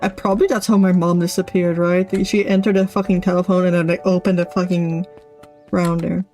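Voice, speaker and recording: A woman's voice: lowish voice, flat delivery, a little fast, warm tone, faint music behind. A woman streamer giving casual commentary while playing a game, swearing freely.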